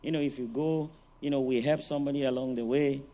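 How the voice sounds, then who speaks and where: A man preaching a sermon on parenting, animated and rhetorical, often checking in with his listeners. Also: mid-range voice, quick pace. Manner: animated, rhetorical, often asks "all right?".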